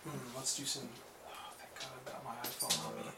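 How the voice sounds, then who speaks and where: A man's voice: steady tone, a little fast, gravelly. Man running a tabletop game, echoey distant call audio, noisy line. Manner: laughs easily, drops to a low hush when narrating horror. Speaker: game master.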